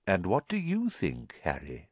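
A man voicing a calm, kindly old headmaster wizard who talks slowly and softly in a storybook reading. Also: deep voice, husky, dry recording, full character voice. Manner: slow, soft, gentle and thoughtful.

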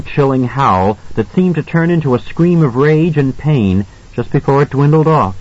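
A man narrating an audiobook in a measured, suspenseful reading style. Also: lowish voice, lo-fi sound. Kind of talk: scripted narration.

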